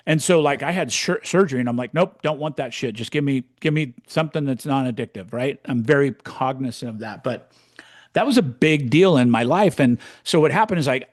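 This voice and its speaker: A man in his sixties co-hosting a podcast, telling his story in a blunt, animated way and swearing freely. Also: medium pitch, fairly quick, dry recording, clean studio sound. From California. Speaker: podcast co-host, real estate coach. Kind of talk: casual storytelling chat.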